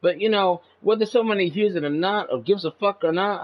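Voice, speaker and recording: A high-pitched man rambles in a casual, profane monologue, dropping "man" into his sentences. His voice jumps up sharply when he gets indignant. The recording sounds dull and lo-fi. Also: fairly quick. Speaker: channel host.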